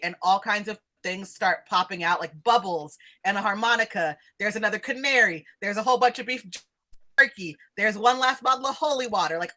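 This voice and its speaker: Bright-voiced woman game master. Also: a little high. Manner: loose, laughing, rambling. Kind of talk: casual tabletop narration.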